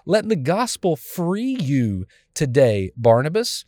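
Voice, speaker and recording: A man's voice: fairly high pitch, sing-song, slow, a little mellow, no echo, clean studio sound. A man preacher voicing a furious adult male apostle who scolds a friend in exasperation.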